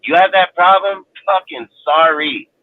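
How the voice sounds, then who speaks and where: A man's voice: high-pitched, unhurried, dry recording. Blunt, profane man on a tinny line. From Northern California. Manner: blunt, heavy swearing, filler "dude". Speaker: roundtable panelist. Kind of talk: casual storytelling. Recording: tinny phone-line audio.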